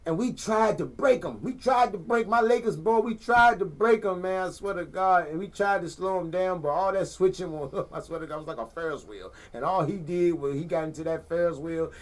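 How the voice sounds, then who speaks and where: A man hosting a sports podcast from a living room, talking casually in an animated, slangy, rambling way and repeating himself. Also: on the high side, moderate pace, hardly any pauses. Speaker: podcast host.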